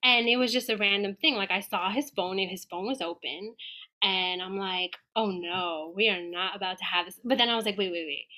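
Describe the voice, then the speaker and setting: A woman guest on a podcast telling a personal story in a casual, animated way, acting out her own quoted dialogue. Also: mid-range voice, fairly quick.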